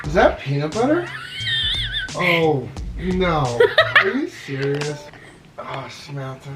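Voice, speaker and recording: A man's voice: a little high, very animated, slow, over loud music. A man reacting on camera in casual talk as the vlogger's boyfriend, reluctant and laughing.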